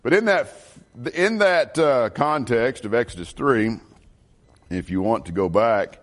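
A man's voice: medium pitch, unhurried. A man teaching a Bible lesson in a sermon style, reading verses aloud with emphasis and asking his listeners questions. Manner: expressive, reads scripture aloud with emphasis and asks the audience questions. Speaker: preacher teaching a Bible class.

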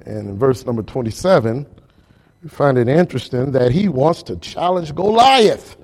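A man preaching a sermon as pastor, talking straight to his congregation in an animated way. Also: mid-range voice, moderate pace, rough recording.

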